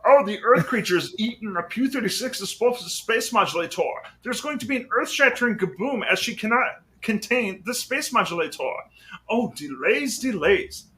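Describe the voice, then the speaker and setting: A man's voice: high voice, lively intonation, normal speed, sharp tone, poor audio. A man doing a prim, nasal impression of a fussy little alien cartoon villain. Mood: scheming.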